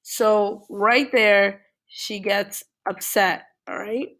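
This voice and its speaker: A woman's voice: medium pitch, steady tone, extremely slow, fairly bright tone. A woman teacher casually retelling a novel chapter for her class, checking in often with "okay?" and "all right?". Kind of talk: classroom reading review.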